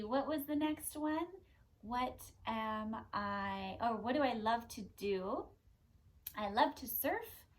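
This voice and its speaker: A young woman teaching a kids yoga class in a gentle, playful, encouraging way. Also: a little high, poor audio. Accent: Californian.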